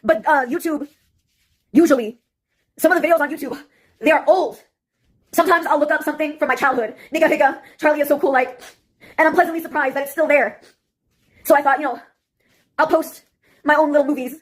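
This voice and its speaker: A woman vlogger rambles through a self-deprecating monologue, pausing with fillers along the way. Her voice is high and her delivery quick. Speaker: comedy YouTuber. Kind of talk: casual vlog monologue.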